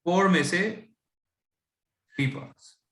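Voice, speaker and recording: This male tutor's high, fairly bright voice moves at a measured pace in an echoey room. With an Indian English accent, he patiently walks through fractions, mixing in Hindi and asking checking questions along the way.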